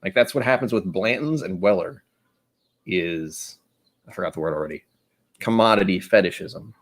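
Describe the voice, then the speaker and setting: A man's voice: deep voice, moderate pace. A young American man hosting a casual live stream while tasting whiskey, rambling and interrupting himself, often slipping into playful voices. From United States. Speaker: stream host.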